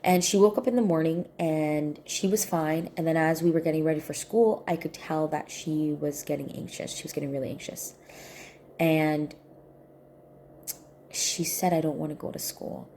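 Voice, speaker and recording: A woman's voice: deep voice, steady tone, normal speed, dark tone, a little hiss or hum. A woman sharing a personal reflection in casual talk, earnest and repeating her key points for emphasis. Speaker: spiritual healing coach.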